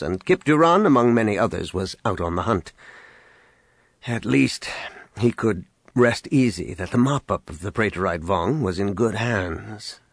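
A man narrating a science-fiction audiobook with a dramatic, expressive reading. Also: lowish voice, no room sound. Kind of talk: scripted narration. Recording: music clearly behind.

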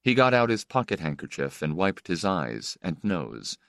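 A man reading a novel aloud as narrator, measured and expressive. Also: low voice, creaky, no room sound, clean studio sound. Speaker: audiobook narrator. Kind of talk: scripted narration.

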